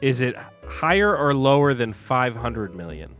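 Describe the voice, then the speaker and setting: A man in the middle of his range chats loosely as a podcast co-host, tossing out quips and laughing easily at his own missteps. Soft music hums faintly behind him. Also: medium pitch, very animated, measured pace. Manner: jokey, laughs often, self-deprecating. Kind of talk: casual sports chat.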